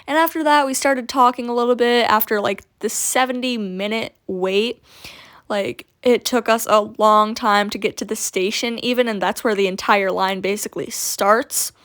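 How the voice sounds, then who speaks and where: A teenage girl vlogger tells a casual storytime in a fairly high voice. She chats freely and drops "like" often. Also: fairly even intonation, moderate pace, a bit bright, smooth. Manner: chatty, peppered with "like". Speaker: coaster vlogger.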